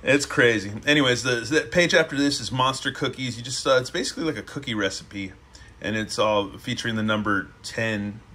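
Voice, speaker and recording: A man's voice: medium pitch, brisk, bright, forceful tone, a little hiss or hum. A young man casually reading a children's picture book aloud, joking and laughing as he goes. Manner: laughing often, loose and joking. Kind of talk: casual storybook read-aloud with chat.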